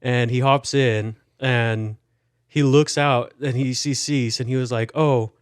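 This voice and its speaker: A man's voice: mid-range voice, steady tone, unhurried, clear, resonant tone, dry recording, clean studio sound. A young man co-hosting a podcast in casual chat, telling a story with animation and acting out the lines he quotes. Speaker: podcast co-host.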